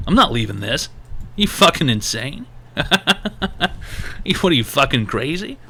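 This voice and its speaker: A man streaming his own advice show, talking in a crisp, forceful voice. He rants loosely and swears constantly, jumping from one thought to the next. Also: fairly high pitch. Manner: profane, animated ranting. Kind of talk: live-stream call-in talk.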